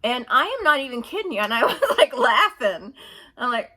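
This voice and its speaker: A woman's voice: fairly high pitch, sing-song, moderate pace, bright, forceful tone. A woman ranting in a casual opinion monologue, rambling and exasperated, mocking others with whiny put-on voices. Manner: rambling, exasperated, laughs while telling stories. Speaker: vlogger.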